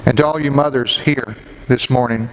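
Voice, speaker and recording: A middle-aged man preaches a Mother's Day sermon from the pulpit, mixing personal stories with gentle humor. His voice sits at an ordinary middle pitch. It rings out with a long church-hall reverb over a faint bed of background noise. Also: fairly even intonation, moderate pace. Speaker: pastor. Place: church sanctuary.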